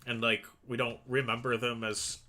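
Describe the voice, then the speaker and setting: A man's voice: mid-range voice, little pitch movement, moderate pace, a crowd in the background. A man co-hosting a podcast in casual chat, provocative and joking. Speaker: podcast co-host.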